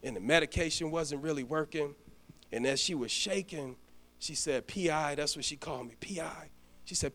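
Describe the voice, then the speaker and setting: A middle-aged man, a deacon preaching a sermon, telling a personal story and then praying, his voice building to loud emphatic peaks. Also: on the high side, normal speed. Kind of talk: sermon with story and closing prayer.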